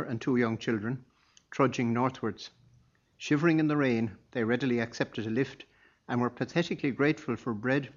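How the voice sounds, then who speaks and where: Man reading a story, dull lo-fi sound. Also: medium pitch. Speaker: audiobook narrator. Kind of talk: scripted narration.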